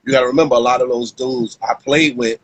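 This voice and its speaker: A man's voice: medium pitch, fairly even intonation, quick pace, low-quality recording. A man, a former basketball player talking casually as a guest, rambling and repeating himself. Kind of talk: casual chat.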